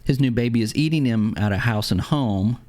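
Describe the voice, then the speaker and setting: A man's voice: mid-range voice, a little fast, background noise. A middle-aged man hosting a casual gaming podcast, chatty and upbeat, rambling loosely from one thought to the next. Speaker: podcast host.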